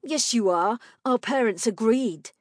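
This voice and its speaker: A woman's voice: on the high side, unhurried, no room sound, clean studio sound, pitched above the performer's own voice, natural voice. A woman reading aloud, voicing an earnest, well-mannered young boy who speaks formally.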